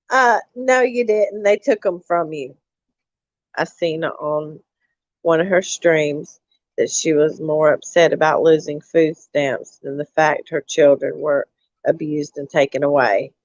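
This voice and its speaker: A woman's voice: sits low, fairly even intonation, slow, a little mellow, no echo. Angry, profane woman ranting to her stream. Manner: angry, profane, repeats herself, addresses chat as y'all. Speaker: live streamer. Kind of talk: casual ranting live stream. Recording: dull lo-fi dry sound.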